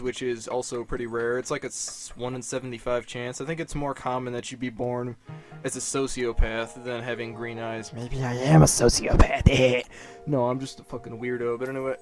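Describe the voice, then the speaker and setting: A man's voice: medium pitch, flat delivery, a little fast, soft background music. A young man from Illinois answering viewer questions in a casual vlog, rambling, swearing, and filling his talk with "like" and "um". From Illinois, USA. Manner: rambling, profane, self-deprecating, lots of fillers. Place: dark room, alone.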